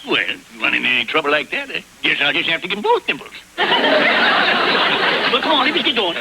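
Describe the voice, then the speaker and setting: An actor playing a scheming, boastful old grandpa farmer who talks in folksy rustic grammar and cackles. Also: male voice, fairly high pitch, wildly swooping pitch, quick pace, vocal fry, heavy background noise, heavily acted. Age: older. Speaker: grandfather farmer selling produce. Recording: old TV soundtrack with music.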